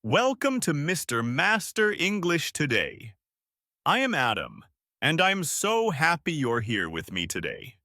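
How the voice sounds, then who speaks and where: A man hosting an English lesson podcast, speaking slowly and clearly in a scripted, encouraging repeat-after-me style. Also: fairly high pitch, big pitch swings, sharp tone, dry recording, studio quality. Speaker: English teacher and podcast host.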